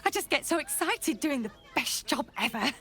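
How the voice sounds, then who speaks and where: A bubbly, overeager young shop clerk gushes about her job in a video game. Her voice sits very high and swoops all over the place. Faint music plays under her lines. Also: big pitch swings, moderate pace, fairly bright tone, full character voice. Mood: gushing. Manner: bubbly, gushing, sing-song sales pitch.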